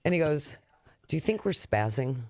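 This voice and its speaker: A woman from Minnesota, co-hosting a radio talk show and telling stories in an animated, laughing way. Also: deep voice. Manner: animated storyteller, quick laughs. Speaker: radio co-host. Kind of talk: casual radio chat.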